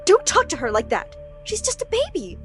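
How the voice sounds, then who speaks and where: A woman voicing a mother in an animated story who speaks in a dismissive, scolding way. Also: extremely high pitch, moderate pace, soft background music, pitched above the performer's own voice, exaggerated voice. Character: doting but unfair mother, dismissive.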